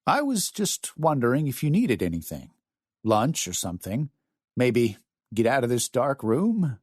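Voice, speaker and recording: A man voicing a gentle, awkward elderly great-grandfather in an audiobook, talking in a tentative, coaxing way. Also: medium pitch, huge pitch swings, unhurried, breathy edge, no echo, studio quality, pitched above the performer's own voice, full character voice. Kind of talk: audiobook character voice.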